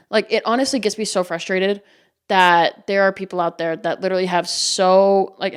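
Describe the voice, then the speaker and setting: A woman hosting a solo podcast, rambling and heavily swearing in a heated rant. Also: medium pitch. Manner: rambling with frequent fillers. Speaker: podcast host.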